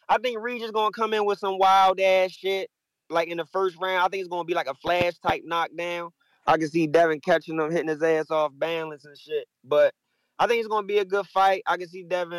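Caller: man with a high voice on a very dry line, rambling in slangy, profane street talk about boxing. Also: a bit bright, no echo. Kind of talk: casual boxing call-in chat.

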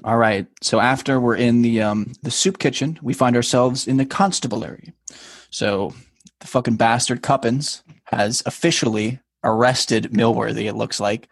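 A man's voice: mid-range voice, normal speed, husky, no echo, clean studio sound. A man co-hosting a podcast, casually recapping a show, swearing freely. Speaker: podcast co-host.

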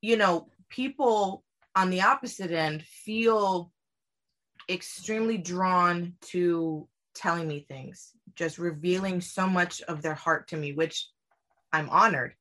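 A young woman in casual podcast chat, telling stories in an animated way and laughing as she talks. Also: lowish voice, slow pace.

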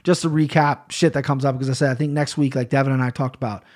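A man's voice: medium pitch, steady tone, quick pace, a little mellow. A man hosting a podcast, telling a long story in a rambling, profane, casual way. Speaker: podcast host. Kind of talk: casual chat.

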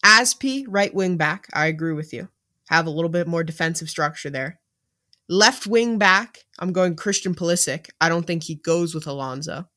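A man co-hosting a casual sports podcast, who talks tactics in an animated, jokey way. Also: fairly high pitch, normal speed. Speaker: podcast co-host.

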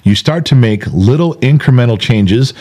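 A man's voice: medium pitch, animated, moderate pace, dark tone. Man, podcast host, earnest, emphatic, repeats himself, candid conversation.

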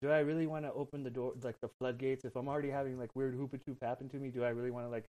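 A man's voice: medium pitch, flat delivery, very fast, a little mellow, poor audio. A man in the middle of his range tells a spooky tale in a loose, rambling way. He swears freely and piles on filler words as he talks. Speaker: podcast guest. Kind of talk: casual storytelling.

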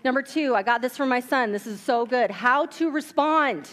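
A woman pastor preaches from the pulpit, telling stories and acting out the people in them. Her voice sits fairly high. It rings with the long reverb of a church hall. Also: fairly quick. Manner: animated storytelling, acts out quotes. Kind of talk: sermon. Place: church sanctuary.

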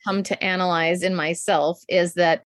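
A woman's voice: lowish voice, steady tone, normal speed, dry recording. Middle-aged woman coach chatting, thoughtful, laughs a lot, dry close mic. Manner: thoughtful, laughs often, reflective. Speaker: guest, communication coach. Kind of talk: conversational interview.

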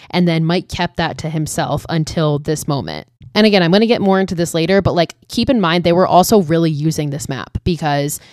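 A woman casually retelling a film's plot with frequent swearing and filler words, speeding up in animated bursts. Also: sits low, dry recording, clean studio sound. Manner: animated, quick bursts, lots of "like". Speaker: film recap storyteller.

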